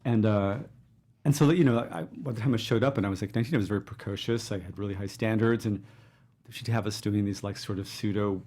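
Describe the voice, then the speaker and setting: Male guest from Texas, faint Southern accent, quick husky delivery, animated storyteller. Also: lowish voice. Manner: fast, animated storytelling with acted asides. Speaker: guest, actor and writer. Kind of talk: casual conversational interview.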